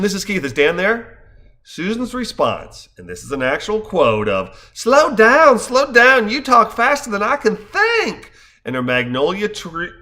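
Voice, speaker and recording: A man's voice: medium pitch, bright, forceful tone. A man in his fifties, a stage actor, giving a wry, scripted narration full of wordplay. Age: 50s. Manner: wry, wordplay-laden storytelling.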